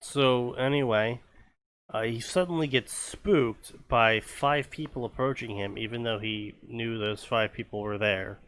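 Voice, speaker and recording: A man's voice: mid-range voice, fairly even intonation, unhurried, a bit bright, clean tone. A man hosting a podcast, casually commenting on fanfiction in a rambling way full of ums and restarts. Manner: rambling, many fillers and restarts. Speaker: podcast host.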